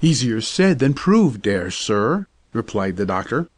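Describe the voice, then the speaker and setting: A man's voice: mid-range voice, sing-song, a little slow, pitched below the performer's own voice. A man reading aloud and voicing a pompous, irritable doctor who talks in a stiff, indignant, lecturing way. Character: pompous irritable male doctor, middle-aged.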